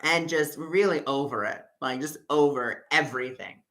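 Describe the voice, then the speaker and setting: Man hosting a spiritual workshop, bright and forward-toned, telling his story with lively, emphatic flair. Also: a little high, moderate pace, low-quality recording. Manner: animated storytelling, acting out his own past outbursts. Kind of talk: workshop teaching through personal story.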